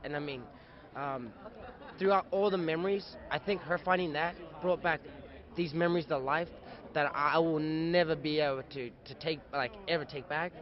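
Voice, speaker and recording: A young man with a fairly high voice tells stories in a lively, joking way during a casual convention interview. The sound is dull and lo-fi, recorded outdoors at a busy event. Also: normal speed. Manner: animated, playful, chatty storyteller. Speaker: actor guest.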